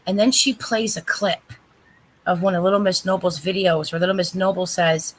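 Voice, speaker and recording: A woman telling a story in casual chat, animated and emphatic, acting out the dialogue as she quotes it. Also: lowish voice, moderate pace, slight background noise, low-quality recording.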